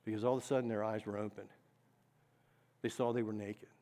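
A man's voice: fairly low pitch, level tone, a little fast, dark tone. Earnest man preaching a sermon. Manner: earnest, asks the congregation questions, repeats key phrases.

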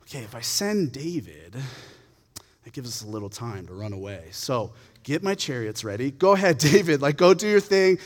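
A man's voice: mid-range voice, expressive, normal speed, big-room sound, close to an everyday voice. Man doing a cowardly, scheming king. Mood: offhand. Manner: offhand, dismissive.

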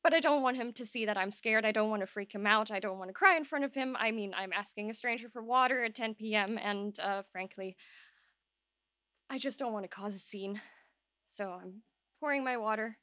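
A woman telling a true personal story live on an open-air stage, emotional and halting, voice shaking at times. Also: medium pitch, sharp tone, dry recording, studio quality.

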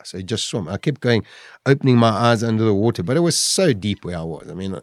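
A man's voice: medium pitch, lively intonation, fairly quick, no echo, studio quality. A middle-aged man, a podcast guest vividly retelling his own ordeal and acting out his inner voice. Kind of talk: dramatic personal storytelling.

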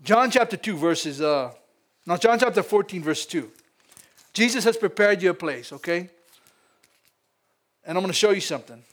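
Louisiana pastor, high-pitched male voice, lively preaching style. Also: normal speed, long pauses. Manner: lively preaching with frequent laughs and call-outs to the congregation. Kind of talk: sermon.

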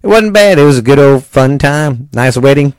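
A man's voice: mid-range voice, lively intonation, normal speed, a little mellow, smooth, no echo, clean studio sound. A man from Texas hosting a casual family podcast, easygoing and rambling, cursing now and then. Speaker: podcast host.

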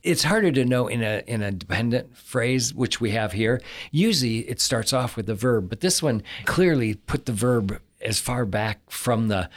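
A man's voice: medium pitch, animated, moderate pace, few pauses. A man, a scholar on a podcast, explaining casually with chuckles and frequent restarts. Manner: chuckling, self-interrupting with restarts. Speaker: Old Testament scholar.

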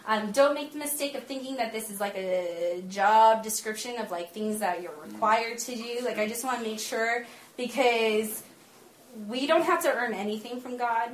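A woman giving a sermon to a small group, mixing lively personal stories with earnest teaching. She laughs often as she talks. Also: on the high side, slight background noise. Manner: slows down and softens for earnest teaching. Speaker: speaker giving a talk to a small gathering. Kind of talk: sermon mixed with personal storytelling. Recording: roomy echo with faint background ambience.

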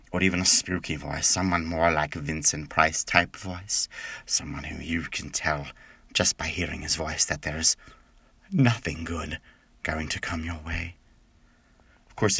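Man, very deep and gravelly, bright, husky edge, slow and relaxed, voice actor in a casual interview. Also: no echo. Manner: relaxed, musing, self-deprecating asides. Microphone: call recording.

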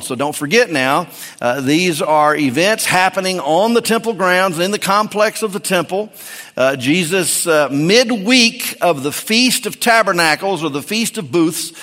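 A man's voice: on the high side, a bit bright. A man preaching a sermon in a folksy, emphatic way on a pulpit mic in a church. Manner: folksy, emphatic, with frequent restarts. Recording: long hall reverb.

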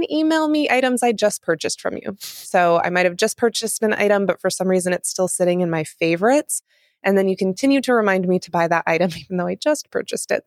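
Animated woman chatting on a podcast. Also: fairly low pitch, no echo, clean studio sound. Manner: animated, gushing, laughs mid-sentence. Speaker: podcast co-host. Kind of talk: casual chat.

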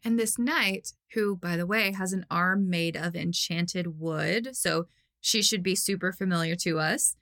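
A woman's voice: on the low side, unhurried, fairly bright tone. A woman co-hosting a podcast, chatting enthusiastically with lots of fillers. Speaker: podcast co-host. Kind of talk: casual chat.

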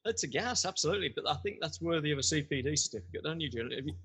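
A man's voice: a little high, animated, very fast. A man co-hosting a podcast, jovial and chatty as he wraps up the show. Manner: jovial, wrapping things up warmly. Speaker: podcast co-host. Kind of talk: casual chat.

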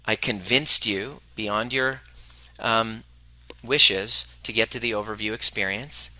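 A man's voice: on the low side, steady tone, a little slow, sharp tone, no room sound, poor audio. A man coaching a live group on relationships, speaking emphatically and bluntly, swearing freely and repeating phrases for emphasis. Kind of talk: motivational talk to a live group.

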